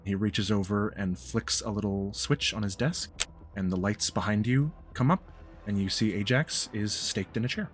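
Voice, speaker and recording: A man narrating a tabletop role-playing game as game master, calm and descriptive. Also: fairly low pitch, moderate pace.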